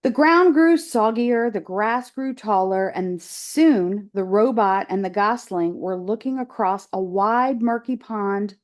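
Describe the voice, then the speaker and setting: Slow-reading woman teacher. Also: mid-range voice. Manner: slow, expressive storytelling. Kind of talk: children's read-aloud.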